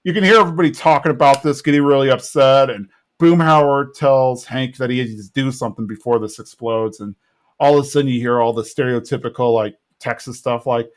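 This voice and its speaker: A man's voice: medium pitch, fairly quick. A man co-hosting a podcast who casually recaps a cartoon episode, rambling with frequent restarts. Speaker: podcast co-host.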